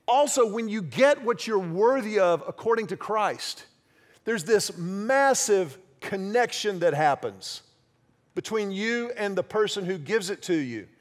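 A man's voice: sits high, lively intonation, unhurried. A man preaching a sermon in a conversational, self-deprecating way, acting out little quoted exchanges. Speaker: pastor.

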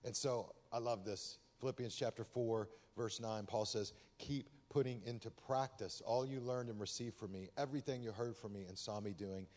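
A man from Texas, a pastor preaching a sermon in a conversational, humorous way that turns loud and animated when he tells stories. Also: lowish voice. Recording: long hall reverb.

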